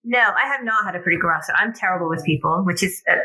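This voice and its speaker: Middle-aged female guest coach; bright, lively delivery, acts out dialogue. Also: lowish voice, fast, low-quality recording. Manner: animated storyteller acting out family dialogue. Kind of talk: casual interview chat.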